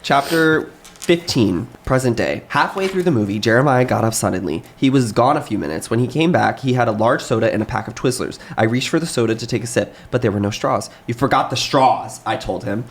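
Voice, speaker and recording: A young man co-hosting a comedic read-along, reading a novel aloud and cutting in with sarcastic, profane commentary. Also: fairly quick. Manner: profane, sarcastic commentary with lively swings of pitch.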